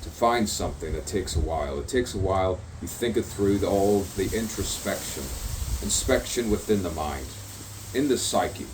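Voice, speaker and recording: A man's voice: sits low, lively intonation, moderate pace, darkish tone. A man speaking an improvised stream-of-consciousness monologue outdoors, rambling through rhyming wordplay and repeating words over and over. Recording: distant mic with faint background noise.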